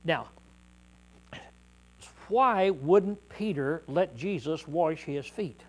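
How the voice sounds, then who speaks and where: A male preacher delivering a conversational sermon, reading scripture aloud and then explaining it in plain words, often clearing his throat. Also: on the high side, animated, extremely slow, a little mellow. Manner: conversational, uses hands-on demonstration with congregation.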